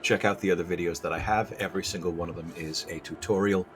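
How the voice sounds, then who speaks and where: Low-voiced man, casual gameplay commentator, rambling and self-deprecating, with soft music beneath. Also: fairly even intonation, quick pace. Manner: rambling, self-deprecating, many restarts and fillers.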